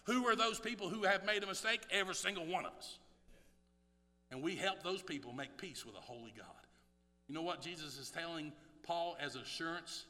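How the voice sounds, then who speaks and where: High bright-voiced guy preaching, goes quiet then shouts, big echoey hall. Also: a little fast. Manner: swings from hushed and low to loud, shouting exhortation. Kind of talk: sermon.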